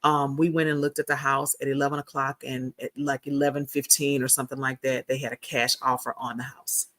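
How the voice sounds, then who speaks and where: A woman host telling a personal story in a casual, animated chat, repeating herself for emphasis. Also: extremely low pitch.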